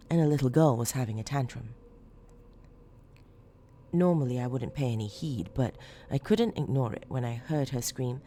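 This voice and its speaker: A woman's voice: very deep voice, dark tone, slight background noise. Woman narrating a horror story. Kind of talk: scripted narration.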